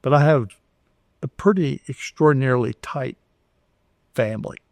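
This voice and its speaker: A man's voice: mid-range voice, moderate pace, vocal fry, a little mellow, no echo. An older man from Houston, Texas, talking earnestly as a podcast guest, with frequent restarts and acted-out dialogue. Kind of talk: conversational storytelling.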